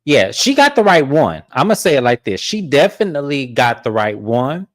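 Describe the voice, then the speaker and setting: A man hosting a casual reality TV recap, animated and blunt, swearing freely and acting out quotes. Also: normal speed, a crowd in the background. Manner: animated, acts out quotes in a high put-on voice.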